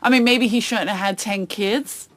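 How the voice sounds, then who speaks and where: A woman comedian chatting as a podcast guest, telling stories with lively acted-out quotes. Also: medium pitch, normal speed. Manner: animated storytelling, acts out quoted voices. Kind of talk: casual chat. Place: outdoors on a boat.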